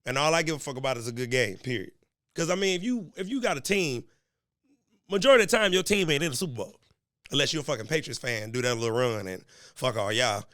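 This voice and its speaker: A man's voice: medium pitch, expressive, fast, a bit bright, dry recording. Young man, solo podcast host, casual and cussing, a bit stuffy from a cold, recorded close and dry. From American Midwest. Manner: loose, joking and profane, talks straight to listeners. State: has a slight cold.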